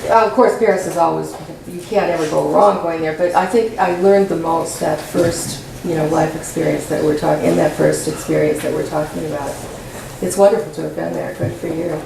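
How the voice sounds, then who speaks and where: A woman poet answering audience questions after a reading in a college lecture room, thoughtful and searching for words, a bit hoarse as she is losing her voice. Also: low voice, fairly even intonation, a little fast, noisy background. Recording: echoey room, mic at a distance.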